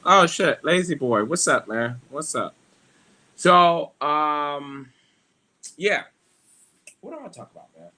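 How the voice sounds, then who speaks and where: A man's voice: on the high side, lively intonation, slow, pauses often, sharp tone. Rambling, self-mocking man on a livestream. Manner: rambling, self-deprecating, swears freely, laughs often. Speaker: livestream host. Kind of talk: casual solo livestream chat.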